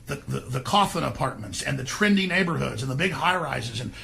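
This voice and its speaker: Gravelly high-voiced guy ranting on his stream, mocking, swings up and down a lot. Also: expressive, brisk, pushed and bright. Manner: sarcastic, mocking voices in falsetto and growls. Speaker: podcast host. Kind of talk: ranting monologue on a livestream.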